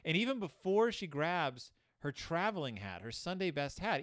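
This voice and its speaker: Young man, sarcastic book commentary, lively pitch, slightly high voice. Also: moderate pace, no room sound, studio quality. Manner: sarcastic, animated, puts on voices. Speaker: host reviewing a children's book.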